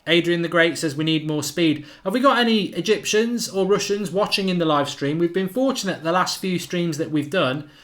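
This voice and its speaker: A man's voice: high-pitched, normal speed, few pauses, fairly bright tone. A man hosting a live football watchalong, chatting casually and reading out viewer comments. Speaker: watchalong host.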